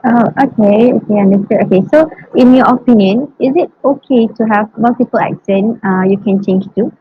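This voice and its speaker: Husky young woman interviewer. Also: fairly high pitch, normal speed, lo-fi sound. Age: young adult. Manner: hesitant, with fillers. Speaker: student interviewer. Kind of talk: asking interview questions.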